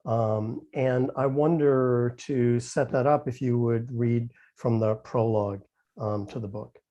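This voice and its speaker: A man's voice: medium pitch, fairly even intonation, slow pace, warm tone, lo-fi sound. A man interviewing an author over a video call, hesitant with many ums and dry humor. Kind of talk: casual conversation.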